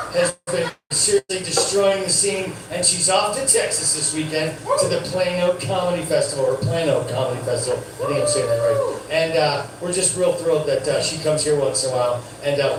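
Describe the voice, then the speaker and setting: A man's voice: a little high, moderate pace. A man hosting a comedy night, telling loose, chatty stories and joking as he introduces acts. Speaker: comedy show host. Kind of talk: emceeing and stand-up. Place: comedy club stage. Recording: echoey club, distant mic, room noise.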